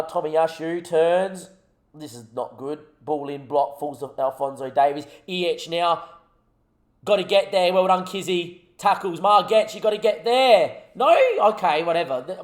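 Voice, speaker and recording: A young man with a slightly high voice commentates his football management save. He talks at the players and the game on screen in an animated way, in the relaxed tone of a gaming YouTuber. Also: moderate pace.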